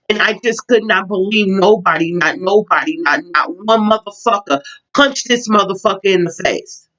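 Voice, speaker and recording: A woman's voice: mid-range voice, a bit bright, highs cut off. A woman vlogger ranting casually to camera, heated and profane, repeating herself, outdoors in windy weather.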